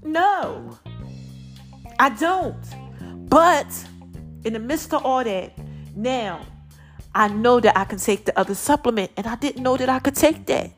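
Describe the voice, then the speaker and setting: A woman shares her faith with viewers, high-pitched and lively in intonation, speaking at a measured pace with frequent pauses. Faint music plays behind her. Slightly choked up, she pushes words through a constricted throat and repeats points for emphasis.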